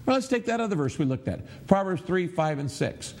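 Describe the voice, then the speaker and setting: A man's voice: high-pitched, sing-song, fairly quick, slight background noise. A middle-aged man preaching a sermon, teaching in an earnest, emphatic way with prayerful asides. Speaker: pastor.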